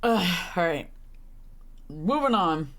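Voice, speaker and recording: A woman's voice: fairly low pitch, very animated, slow pace, fairly bright tone. A young woman streaming a visual novel, reading lines and reacting with sarcastic, exasperated, sweary commentary. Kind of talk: casual let's-play commentary.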